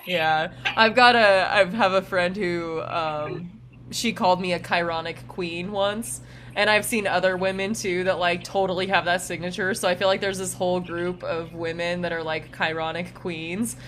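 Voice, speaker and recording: A woman's voice: lowish voice, fairly even intonation, moderate pace, a bit bright, a little hiss or hum. A young woman co-hosting a casual spiritual podcast, talking loosely with frequent laughter and fillers. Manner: laughs often, many fillers. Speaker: podcast co-host.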